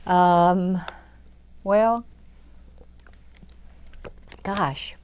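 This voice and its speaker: A woman's voice: fairly low pitch, fairly even intonation, very slow, a little mellow, muffled recording, a little hiss or hum. An older woman from south Georgia with a Southern American accent, reflecting in an oral history interview with many restarts and fillers.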